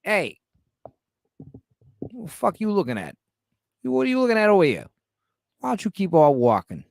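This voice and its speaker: A man's voice: high voice, huge pitch swings, moderate pace, gravelly, a little mellow, no echo, studio quality, voice pushed up, heavily acted. A man voicing a tough-talking street gangster in a put-on American gangster accent, brash and confrontational. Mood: aggressive.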